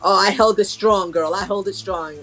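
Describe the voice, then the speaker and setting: A woman who teaches school, chatting casually as a podcast co-host and telling lively stories. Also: medium pitch, normal speed, soft background music, low-quality recording. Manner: chatty storyteller, lively asides. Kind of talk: casual chat.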